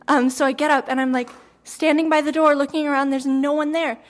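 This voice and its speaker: A woman's voice: sits high, little pitch movement, brisk, few pauses. A teenage girl on a youth radio team telling a spooky story in a chatty way, often laughing and using fillers. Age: teens. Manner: chatty, giggly, many fillers. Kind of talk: casual storytelling.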